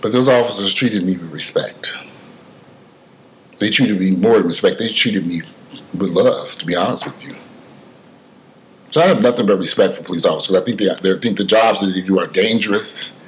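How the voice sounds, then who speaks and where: A man giving casual spoken commentary, telling stories with emphatic swings from loud outbursts to mutters, cursing freely. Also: deep voice, moderate pace, long pauses, slight background noise, low-quality recording.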